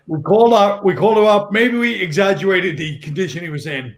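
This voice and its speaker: Brief: deadpan New man, fairly high voice, casual dark stories. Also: quick pace, few pauses. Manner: deadpan, dark storytelling with acted quotes. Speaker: comedian guest. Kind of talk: casual storytelling.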